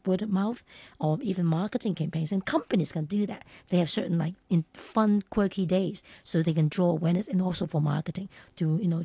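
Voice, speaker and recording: A woman's voice: fairly low pitch, warm tone, husky, no echo. A woman in casual conversation, rambling with many fillers and restarts.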